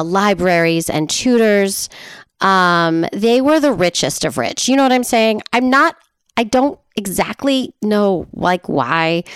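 Smooth-voiced chatty woman podcaster. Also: mid-range voice, no echo, studio quality. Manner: laughs a lot, chatty and playful. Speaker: podcast co-host. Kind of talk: casual chat telling a history story.

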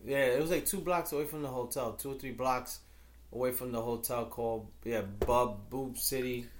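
A man co-hosting a podcast, telling stories in an animated casual chat and acting out what people said. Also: medium pitch, moderate pace, background noise. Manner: animated storyteller who acts out quotes. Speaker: podcast co-host.

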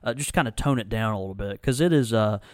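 A man hosting a casual chat, telling stories in a lively, rambling way with many restarts. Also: fairly low pitch, fast, no room sound. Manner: animated, storytelling with frequent restarts. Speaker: tobacco shop host. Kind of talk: casual conversational review.

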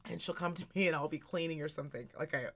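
Speaking fast in a low-pitched, slightly bright voice, a thirty-something podcast co-host shares family stories. The conversation is casual, frank and full of profanity.

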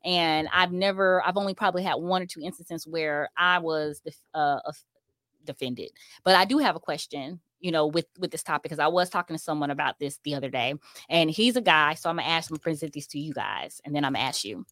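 Casting note: woman host, somewhat low voice, chatty, asks questions, dry sound. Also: fairly quick, fairly bright tone, no room sound. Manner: chatty, poses questions, many fillers. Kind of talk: casual discussion.

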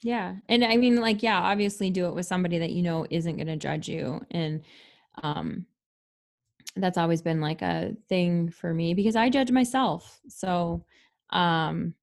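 Low-voiced woman giving chatty advice. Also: measured pace. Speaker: podcast co-host. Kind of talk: casual chat.

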